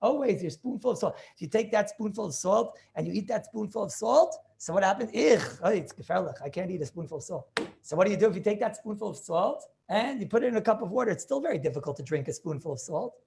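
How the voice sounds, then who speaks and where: A man's voice: high voice, lively intonation, fast talker, gravelly, darkish tone, a little hiss or hum. A man in his forties, a rabbi teaching an informal class over a video call, stressing points by repeating them and asking rhetorical questions. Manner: emphatic, repetitive preaching with rhetorical questions.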